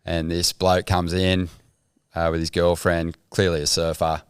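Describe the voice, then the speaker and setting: An Australian man, a surf commentator guest, telling lively sweary stories in a casual interview. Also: sits low, measured pace, clear, resonant tone, dry recording, clean studio sound. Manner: lively storyteller, acts out voices, swears freely.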